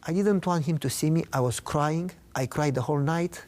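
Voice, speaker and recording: A man's voice: fairly high pitch, normal speed, a little mellow. A man earnestly recounting a personal faith story in a conversational interview, acting out the dialogue he quotes. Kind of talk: conversational testimony.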